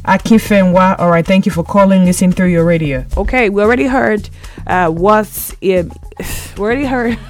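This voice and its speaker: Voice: mid-range voice, normal speed, faint music behind. Playful Nigerian radio host. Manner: playful, laughs often. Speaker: radio game show host. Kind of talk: lively call-in radio chat. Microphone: studio microphone.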